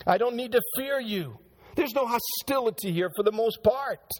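High-voiced male pastor preaching. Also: moderate pace. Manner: preaching, addresses the congregation directly, acts out quoted voices. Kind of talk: sermon. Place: church.

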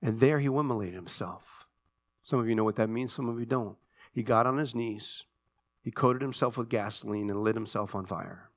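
A man preaching a sermon in a church. He speaks earnestly, builds to impassioned emphasis, then drops to a quiet, prayerful voice. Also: medium pitch, moderate pace. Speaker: pastor. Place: church sanctuary.

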